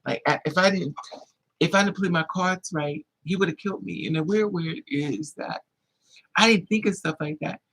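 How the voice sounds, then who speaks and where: A man vlogging, telling a personal story in an animated, emphatic way with plenty of swearing. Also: sits high, moderate pace, creaky, low-quality recording.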